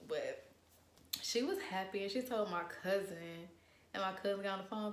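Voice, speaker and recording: A young woman in casual storytime chat, animated and profane, acting out what people said. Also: medium pitch, fairly quick, reverberant. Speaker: vlogger.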